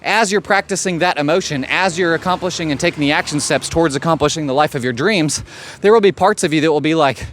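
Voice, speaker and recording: A man's voice: fairly high pitch, quick pace, few pauses, a bit bright. A man giving a blunt, profane motivational monologue as a life coach. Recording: faint street noise behind.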